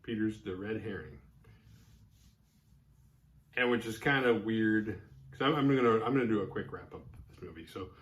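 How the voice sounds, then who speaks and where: A man's voice: fairly low pitch, moderate pace, long pauses. A man casually recapping a horror movie, acting out the characters' lines as he tells it. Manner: animated, acts out characters' lines mid-recap. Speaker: horror movie podcast host.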